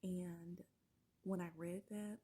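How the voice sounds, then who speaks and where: A middle-aged woman telling her own story in a casual, halting way, often dropping to a whisper and close to tears. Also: lowish voice, little pitch movement, dark tone, poor audio. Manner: halting, many fillers, often drops to a breathy whisper. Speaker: vlogger sharing her story.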